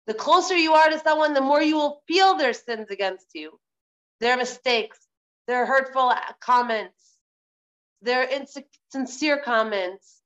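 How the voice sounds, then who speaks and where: A woman's voice: fairly high pitch, a little slow, lo-fi sound. Emphatic woman teaching a Torah class. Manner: emphatic, animated, acts out quoted voices. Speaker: Torah teacher and motivational speaker. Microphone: video call.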